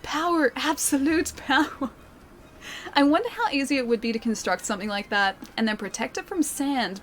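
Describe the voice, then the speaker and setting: A woman's voice: fairly high pitch, slight background noise. Chatty Australian woman streaming a game. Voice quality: soothing. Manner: chatty, laughs often, reads and answers chat. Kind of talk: casual live-stream chat while gaming.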